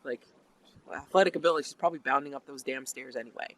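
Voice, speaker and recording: A game master narrating a tabletop role-playing session in a chatty, animated way with many fillers. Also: mid-range voice, quick pace, low-quality recording.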